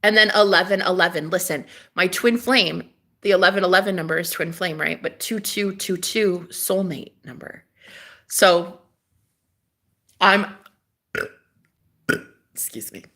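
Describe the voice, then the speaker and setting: Bright-voiced gushing woman streamer. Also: lowish voice, unhurried, long pauses. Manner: dramatic, gushing, swings between loud exclamations and hushed asides. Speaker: live streamer. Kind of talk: casual live-stream chat.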